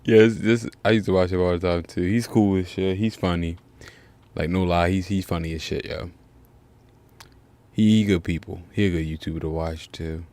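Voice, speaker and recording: Male streamer, very deep voice, relaxed rambling reaction chat. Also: moderate pace. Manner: laid-back, rambling commentary. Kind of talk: casual chat.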